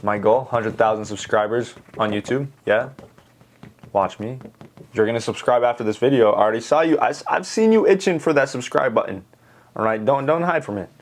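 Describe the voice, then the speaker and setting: A man's voice: mid-range voice, animated, brisk. A young man, an art teacher, telling a heartfelt personal story straight to his viewers while he draws. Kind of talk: earnest storytelling while drawing.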